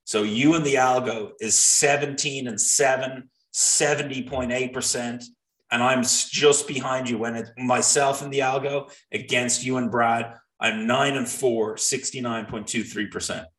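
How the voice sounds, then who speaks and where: A man's voice: mid-range voice, measured pace. A man co-hosting a sports betting show, talking picks and stats with frequent restarts. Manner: animated, restarts often, talks through stats. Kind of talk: casual sports betting chat. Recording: roomy echo.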